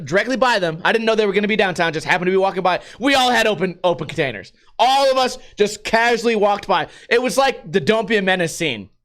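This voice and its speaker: A young man hosting a podcast, rambling through a profane, animated story in casual talk. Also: sits high. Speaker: podcast host.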